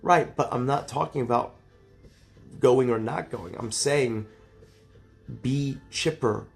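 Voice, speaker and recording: A man's voice: mid-range voice, slow, creaky, soft background music. A man in his thirties arguing heatedly on a livestream, lecturing and exasperated, swearing often. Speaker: streamer.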